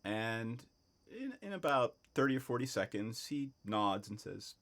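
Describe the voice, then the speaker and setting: A man's voice: medium pitch, sing-song, unhurried, a bit bright. A man narrating as game master of a tabletop game, hesitant with many fillers and restarts.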